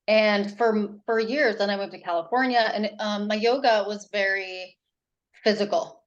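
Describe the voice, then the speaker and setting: A woman guest talks about her parenting work in a loose, animated interview style. She rambles and restarts her sentences often. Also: mid-range voice, moderate pace, highs cut off. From New Hampshire. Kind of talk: casual interview talk.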